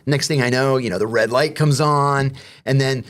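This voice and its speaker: A man, a guest on an interview show, telling profane stories in a casual, animated way. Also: medium pitch, normal speed. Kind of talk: casual storytelling.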